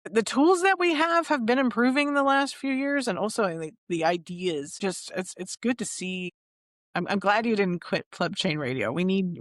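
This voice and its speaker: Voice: medium pitch, fairly bright tone, dry recording. A podcast host in their forties from the San Francisco Bay Area, talking enthusiastically and rambling with many restarts in casual chat.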